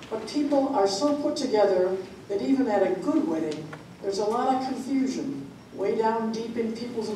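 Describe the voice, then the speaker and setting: A woman's voice: medium pitch, warm tone, natural voice. A woman voicing a folksy small-town stage manager who speaks plainly and chattily to the audience in an amateur play reading. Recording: echoey room, mic far off, background noise.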